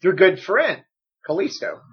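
Husky man, stammering and sarcastic. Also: high-pitched, very animated, unhurried. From United States. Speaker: podcast co-host. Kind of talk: casual wrestling chat. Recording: slightly muffled audio.

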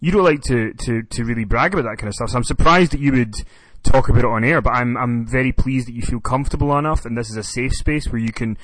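A man's voice: medium pitch, fast, fairly bright tone, dry recording. A man hosting a comedic podcast, teasing his co-host in a dry, exasperated way.

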